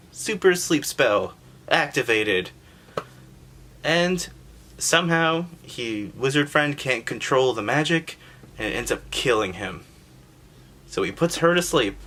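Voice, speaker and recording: A man's voice: mid-range voice, slight background noise. A man hosting a casual, sarcastic recap of an old video game story, joking and swearing as he goes. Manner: sarcastic, animated, profane. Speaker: gaming history channel host.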